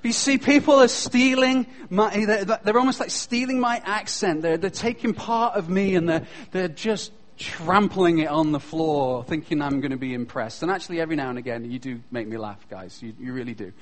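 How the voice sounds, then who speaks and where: A British man addresses a room of students at chapel, teasing them with dry humor about accents. His voice sits noticeably high for a man and carries an easy, playful storytelling rhythm. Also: normal speed, few pauses. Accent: British English. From Britain. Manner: joking, self-deprecating, lively storyteller. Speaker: school chapel speaker.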